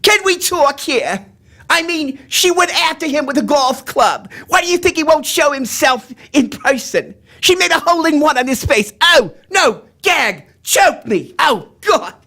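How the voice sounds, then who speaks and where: A man impersonating a loud, gossipy older woman comedian, shrill and shouting. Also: animated, a little slow, full character voice. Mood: brassy.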